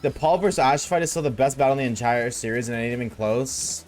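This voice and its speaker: A man's voice: medium pitch, steady tone, fast, a little mellow, soft background music. A man streaming a game and chatting casually with his viewers, laid-back and slangy, reading chat aloud.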